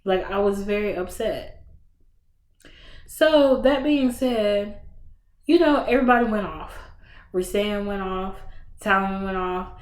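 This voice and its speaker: Woman, book podcast host, casual chat, slangy, unhurried, echoey room. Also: medium pitch. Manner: animated, slangy storytelling with sudden bursts. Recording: roomy echo.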